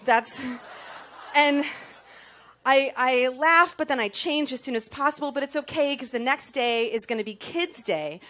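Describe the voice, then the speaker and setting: A woman's voice: mid-range voice, fairly bright tone. A young woman telling a comic personal story on stage to an audience, self-deprecating and full of ums.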